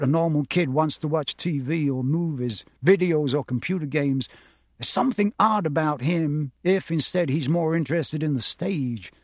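A man reads a story aloud in a fairly high voice, recorded close and dry with no room sound. He lifts his pitch when quoting the characters in the story. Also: dry recording. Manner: shifts pitch up for quoted characters. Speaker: audiobook narrator. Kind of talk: scripted narration with character voices.

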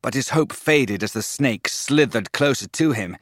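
A man narrating a story in an expressive audiobook style. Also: mid-range voice, normal speed, dry recording, clean studio sound.

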